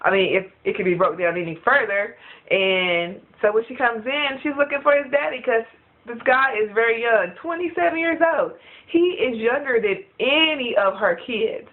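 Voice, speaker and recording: A woman chatting in a casual review vlog, gossipy and animated, laughing often. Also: fairly high pitch, moderate pace. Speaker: reality TV reviewer. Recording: tinny phone-like sound.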